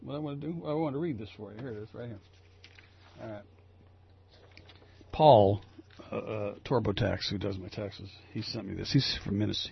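Gravelly, husky male radio host. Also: on the low side, steady tone, fast. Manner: rambling, with many fillers and restarts. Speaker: radio talk show host. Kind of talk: casual radio talk. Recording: dry, lo-fi radio audio.

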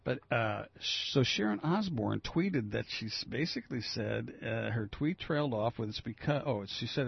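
A man's voice: medium pitch, expressive, normal speed, vocal fry, few pauses, husky, no room sound, lo-fi sound. A man hosting a talk radio show, reading news items and riffing on them in a rambling, opinionated way. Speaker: local radio host. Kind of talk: casual talk radio commentary.

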